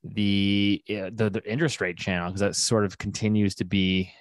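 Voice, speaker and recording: A man from Canada hosts a casual finance podcast, with lots of fillers and restarts. His voice sits fairly low. The sound is dry and close. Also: little pitch movement, normal speed, dry recording. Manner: loose, many fillers and restarts. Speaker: podcast host. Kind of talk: casual podcast chat and ad read.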